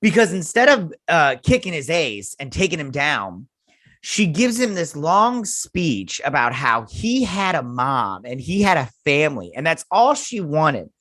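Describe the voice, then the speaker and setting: Man host, casual sarcastic TV review rant, lively swinging pitch, dry sound. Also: unhurried, dry recording. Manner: sarcastic ranting, swearing.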